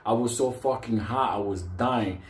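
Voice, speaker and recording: A man's voice: medium pitch, normal speed, reverberant, a little hiss or hum. Profane New man spinning a yarn. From New York. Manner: profane, animated, laughing between lines. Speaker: storyteller. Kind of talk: casual storytelling.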